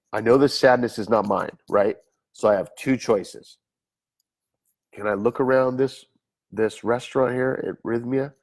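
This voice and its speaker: A middle-aged man talking casually as a therapist, acting out his own inner voice and little dialogues. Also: fairly low pitch. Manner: relaxed, conversational, acts out his inner voice and dialogue. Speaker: therapist speaking at a wellness center. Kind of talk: casual talk to camera.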